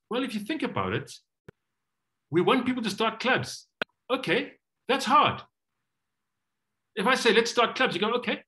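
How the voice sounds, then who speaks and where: A man's voice: fairly high pitch, sharp tone. A man leading an online coaching training session over a video call, acting out sample questions and replies in different voices.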